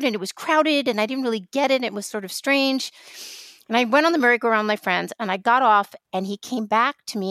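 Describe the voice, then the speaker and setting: A New York woman co-hosting a podcast tells a personal story in casual, animated conversation, restarting her sentences often. Her voice is on the high side, and the recording is clean studio sound with no room ambience.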